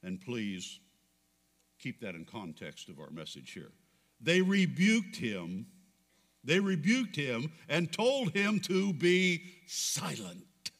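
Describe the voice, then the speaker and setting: High-voiced dramatic preacher man. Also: very animated, slow, long reverb tail. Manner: dramatic preaching, swings between loud and hushed. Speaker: pastor. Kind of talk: sermon.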